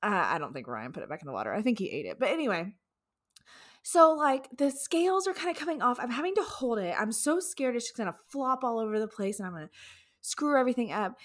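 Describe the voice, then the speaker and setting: Casual podcast host, woman; animated, profane storyteller with a swooping pitch. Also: fast.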